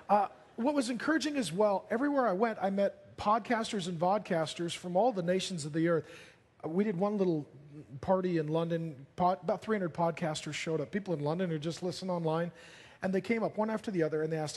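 A man preaching a sermon as a pastor, telling stories in a lively, joking way with bursts of excitement. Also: high voice, slightly rough. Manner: animated, jokey storytelling with bursts of excitement. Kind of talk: sermon storytelling. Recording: long hall reverb.

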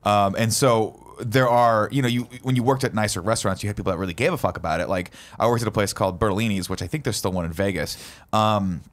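A man telling a story in a casual podcast chat, emphatic and profane, in quick bursts. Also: fairly low pitch. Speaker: podcast co-host.

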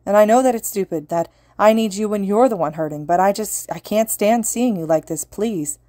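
A woman's voice: medium pitch, moderate pace, warm tone, dry recording, studio quality, voice pushed up, lightly acted. A woman reading the lines of a teenage boy hero student, pleading and choked with emotion, in an audiobook fan reading. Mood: tearful pleading.

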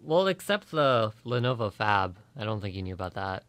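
A man's voice: fairly low pitch, big pitch swings, moderate pace, fairly bright tone, no echo. Brief: male radio co-host, very bouncy delivery, dry booth sound. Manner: playful, giggly, teasing. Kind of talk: casual banter on live radio. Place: campus radio studio.

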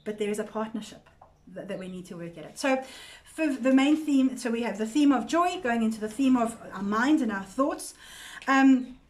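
A woman with a slightly high-pitched voice leads a Bible study for a women's group. She talks in an earnest, conversational way, repeats her words as she thinks, and keeps checking that her listeners are following. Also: expressive, normal speed, a little mellow. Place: church women's group meeting.

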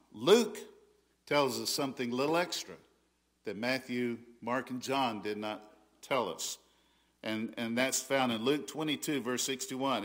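A Southern American man preaches a sermon with a bright, ringing voice. He presses his points hard and often stops to restart a sentence. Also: mid-range voice. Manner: emphatic, rising loud on quoted scripture, frequent restarts. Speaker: pastor.

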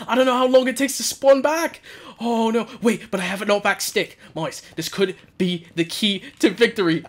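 A man giving live commentary over his own gameplay, talking to himself and getting loud and giggly when things go wrong. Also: very high-pitched, brisk. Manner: excitable, talks to himself, yells and laughs under pressure. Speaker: gaming YouTuber.

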